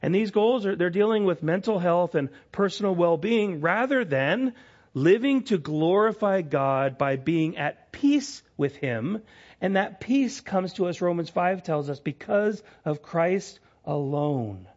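A man preaching a sermon with a voice that sits a little high. He is earnest, lifting his voice to stress his main points. The recording sounds dull and lo-fi. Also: lively intonation, unhurried. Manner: earnest, rising to emphatic peaks, drops soft for quoted apologies. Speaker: pastor.

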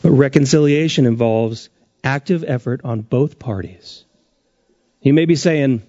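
A man preaching a sermon as pastor, his pitch rising and dropping sharply for emphasis. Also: measured pace, mellow, no echo, highs cut off.

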